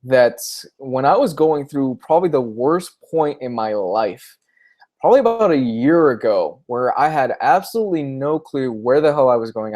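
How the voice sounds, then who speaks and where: A man's voice: medium pitch, a little mellow. Young man, casual livestream chat, candid, emotional, comic book vlogger. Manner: candid, emotional, tearing up at times.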